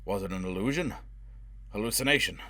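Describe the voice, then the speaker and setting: A man's voice: fairly low pitch, lively intonation, fairly quick, bright, forceful tone, dry recording. Man playing a relentless, vengeful interrogator. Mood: grim. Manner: harsh, driving interrogation. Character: brutal, obsessed man hunting for revenge. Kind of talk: audiobook character voice.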